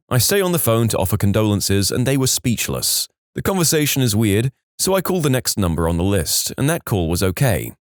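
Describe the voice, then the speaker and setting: A man's voice: on the low side, no room sound, clean studio sound. A man narrating submitted stories in a scripted storytime style, wry, with joking asides between stories.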